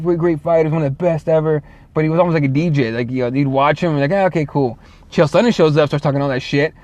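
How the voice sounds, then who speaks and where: A man's voice: a little high, no room sound. A man hosting a casual solo show, rambling and swearing, full of fillers and restarts. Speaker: show host.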